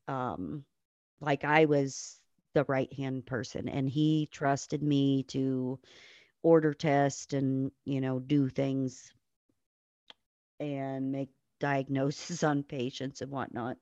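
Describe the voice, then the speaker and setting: A nurse appears as a woman guest on a podcast, telling blunt, swear-filled stories and acting out the people she quotes. Her voice is rumbling low with a darkish tone. The recording is muffled, with no room sound.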